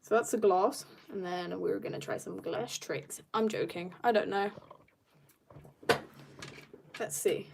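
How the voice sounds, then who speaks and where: A woman's voice: mid-range voice, unhurried, vocal fry, pauses often, darkish tone, slight background noise. A woman from South Africa chatting casually with viewers as she draws on a livestream from home, reading out and answering their comments. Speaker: art livestreamer. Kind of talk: casual chat while drawing live. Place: home, room upstairs.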